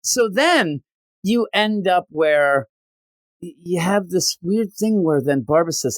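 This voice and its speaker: Animated, exasperated male podcast host. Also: high voice, slow, no room sound, studio quality. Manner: animated, exasperated, quotes characters in mock voices. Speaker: podcast co-host reviewing comics. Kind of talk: casual chat.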